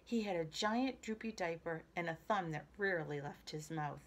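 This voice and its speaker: A woman reading a children's picture book aloud in a lively, expressive way. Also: on the low side, normal speed. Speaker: storyteller.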